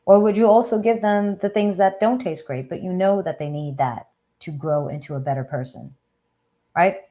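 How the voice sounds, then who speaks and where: A woman's voice: lowish voice, moderate pace, dark tone. A woman hosting a live Q&A chat, talking conversationally and often checking in with a questioning "right?". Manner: thinks aloud with fillers and small restarts. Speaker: host of a live Q&A. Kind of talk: casual live chat talk.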